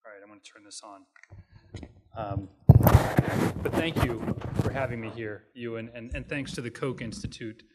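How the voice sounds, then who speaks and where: A middle-aged man giving a talk as an economist at a hotel event, relaxed and self-deprecating, with halting restarts and jokes. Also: mid-range voice, heavy background noise. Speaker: guest speaker, economist. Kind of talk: public lecture with jokes.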